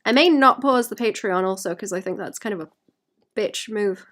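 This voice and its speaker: A woman's voice: medium pitch, lively intonation, moderate pace, pauses often, a bit bright. A woman artist talking to her stream chat while painting, sweary and self-mocking, often muttering and whispering to herself. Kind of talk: live-stream chat with viewers.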